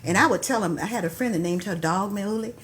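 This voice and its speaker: An older woman from Florida, a guest poet who chats easily, laughs often, and recites her poems with a steady rhythm. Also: mid-range voice, quick pace, a crowd in the background. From Tampa, Florida, US. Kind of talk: conversational storytelling and poetry reading.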